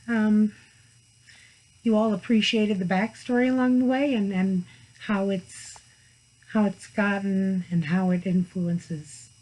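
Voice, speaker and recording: A woman talks through a casual online training in a chatty, conversational way. Her voice is mellow and warm, with a slight hoarseness, and sits at a middling pitch. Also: low-quality recording. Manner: chatty and conversational, with frequent "like" and "you know". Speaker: parent coach presenting a training.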